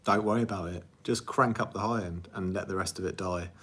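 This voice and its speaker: His intonation fairly even and his pace a little fast, a man answers viewer questions during a casual music-producer livestream. He rambles chattily, laughs easily and is self-deprecating, with a lowish voice that still sounds bright and forward.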